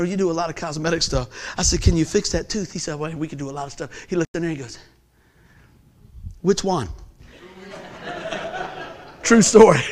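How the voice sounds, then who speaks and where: A man preaching a sermon in a folksy, conversational way, swinging from hushed lines to shouts. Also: sits high.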